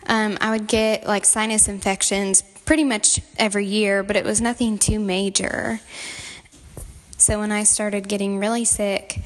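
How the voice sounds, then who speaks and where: Chatty woman in her twenties, reverberant. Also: medium pitch. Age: 20s. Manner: chatty, candid, laughs lightly as she talks. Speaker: vlogger. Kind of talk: personal storytelling. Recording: long reverb.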